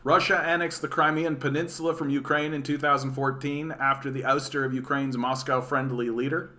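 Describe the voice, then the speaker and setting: Canadian guy ranting about the news, bright sharp voice, swears a lot, sarcastic. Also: mid-range voice, little pitch movement, a little fast, hardly any pauses. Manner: profane, sarcastic, reads news aloud and reacts. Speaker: political commentary streamer. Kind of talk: casual political rant.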